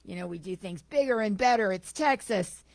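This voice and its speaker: A woman's voice: mid-range voice, lively intonation, moderate pace, darkish tone, no echo, close to an everyday voice. A woman voicing a boastful male Texan tourist, brash and bragging.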